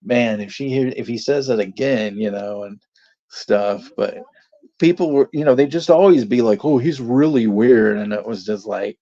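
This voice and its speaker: A man's voice: medium pitch, moderate pace, warm tone, no echo. A man telling casual anecdotes on a watch party stream, laughing often and swearing freely. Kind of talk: casual storytelling chat. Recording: dull lo-fi dry sound.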